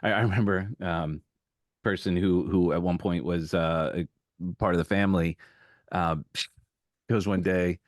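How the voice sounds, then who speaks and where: A man's voice: sits low, steady tone, a little slow, long pauses, no echo. Reflective male podcast host, dry sound. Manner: reflective, storytelling with acted quotes. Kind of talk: conversational interview.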